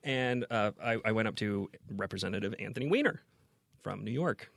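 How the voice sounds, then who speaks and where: A man co-hosting a podcast, telling an anecdote in an animated, casual way from a podcast booth. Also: fairly low pitch, fairly quick, vocal fry, dry recording, studio quality. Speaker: podcast co-host. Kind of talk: casual chat.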